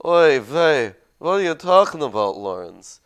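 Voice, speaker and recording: Nagging Yiddish-accented parent, high and loud, as a man puts him on. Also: big pitch swings, unhurried, clean tone. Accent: Yiddish-inflected English. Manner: nagging, exasperated. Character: fussy Jewish parent, scolding.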